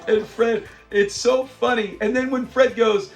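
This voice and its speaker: A man's voice: very high voice, fairly even intonation, measured pace, soft background music. A middle-aged man casually reviewing a sitcom episode, retelling scenes with laughter. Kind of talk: casual commentary.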